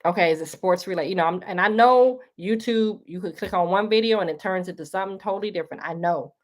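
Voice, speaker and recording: A woman's voice: on the low side, fast. A woman hosting a live talk, speaking earnestly and preachily to her listeners, calling them y'all. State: emotional, tearing up. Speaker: livestream host. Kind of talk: casual spoken monologue.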